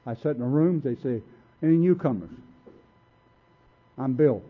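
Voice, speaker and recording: A man's voice: a little high, expressive, quick pace. A man speaking at a recovery meeting, telling his story in a blunt, streetwise way and acting out what people said. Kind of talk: personal story talk. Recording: tinny phone-like recording.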